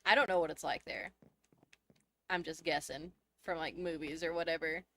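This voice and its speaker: A woman's voice: low voice, steady tone, moderate pace, gravelly, a bit bright. A woman, live-streaming a game and chatting casually with her viewers, laughing often as she goes. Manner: chatty and giggly, answering chat. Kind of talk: casual chat with viewers while gaming.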